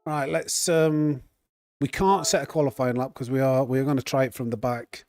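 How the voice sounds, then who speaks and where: A man's voice: medium pitch, steady tone, moderate pace, darkish tone. A man chatting casually on a live stream, reading chat and restarting his sentences often. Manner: chatty, reads chat aloud, frequent restarts and fillers.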